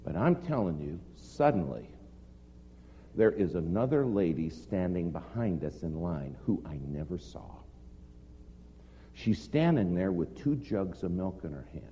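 Dramatic preacher telling a story in a hall. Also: male voice, deep voice, expressive, measured pace, warm tone. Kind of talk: storytelling sermon. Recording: echoey hall, dull lo-fi sound with faint noise.

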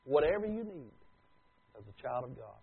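A man preaching a sermon as pastor, swinging from loud declarations to hushed asides. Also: medium pitch, big pitch swings, moderate pace, vocal fry, slightly rough. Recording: tinny phone-like recording.

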